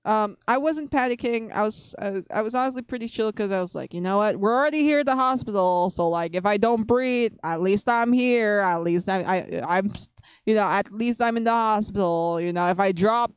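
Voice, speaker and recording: A woman's voice: medium pitch, fairly quick, smooth, no echo, clean studio sound. A woman streamer telling a storytime at home in a casual, rambling way, giggling often.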